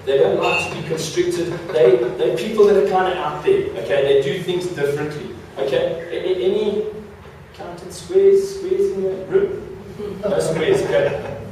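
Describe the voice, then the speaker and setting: A man's voice: fairly high pitch, darkish tone, a little hiss or hum. A man giving a playful motivational talk to a live audience, joking and stumbling over repeated words. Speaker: motivational speaker. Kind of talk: stage talk with audience interaction. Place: large hall before an audience. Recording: echoey hall, mic far off.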